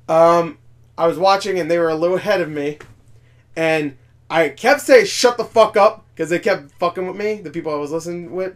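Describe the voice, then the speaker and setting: Young guy ranting about games, swears constantly, voice sits a bit high. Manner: profane, excitable, laughs a lot. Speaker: podcast host. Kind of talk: casual gaming chat.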